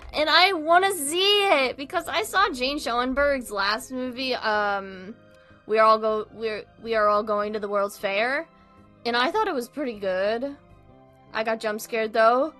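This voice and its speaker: A woman's voice: a little high, bright, forceful tone. A woman streamer in casual livestream chat, rambling along and laughing often.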